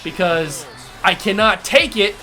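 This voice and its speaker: A man hosting a gaming channel, ranting furiously through live gameplay commentary, swinging from shouts to low mutters. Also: animated, measured pace, loud music behind the voice.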